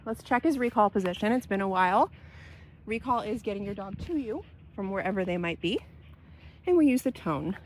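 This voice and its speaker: A woman dog trainer working a dog outdoors, calmly explaining her methods between sharp raised commands. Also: medium pitch, slight background noise.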